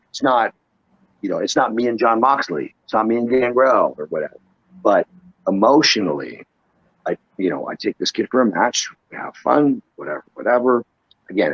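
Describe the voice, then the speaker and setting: A man's voice: low voice, slightly rough, no echo, highs cut off. A man, a wrestler and trainer, telling stories in a casual interview, rambling with frequent restarts and casual swearing.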